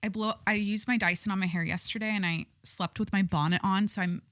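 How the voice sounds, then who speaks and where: A woman hosting her own podcast in a casual solo chat, talking forcefully from the chest and rambling with lots of fillers. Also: mid-range voice, fairly even intonation, fairly quick. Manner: forceful, talks with full chest; chatty, rambling with many fillers. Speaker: podcast host.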